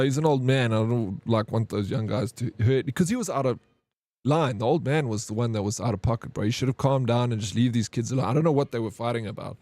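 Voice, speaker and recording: A man's voice: medium pitch, a little mellow, dry recording. Chatty man with a dry sound. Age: 30s. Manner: rambling storyteller, slangy, says "bro" often. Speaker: streamer. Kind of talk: casual live-stream chat with viewers.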